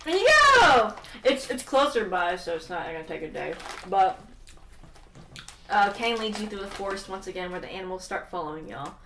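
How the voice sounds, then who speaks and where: A woman's voice: lowish voice, expressive, brisk, background noise. A woman narrating as game master, laughing often and putting on voices for the characters. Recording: echoey room, mic from far off.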